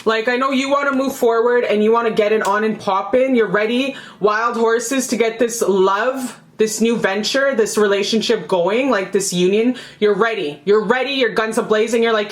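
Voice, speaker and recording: A woman's voice: on the high side, normal speed, few pauses. A young woman giving a casual tarot reading to camera, chatty and emphatic, swearing freely and repeating phrases. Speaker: tarot reader.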